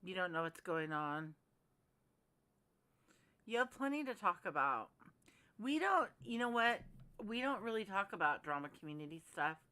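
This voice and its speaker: Chatty woman livestreaming, bright voice. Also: on the low side, big pitch swings, moderate pace, long pauses, no echo. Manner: chatty, talks to viewers by name, rambling. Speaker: livestream host. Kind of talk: casual livestream chat reading comments.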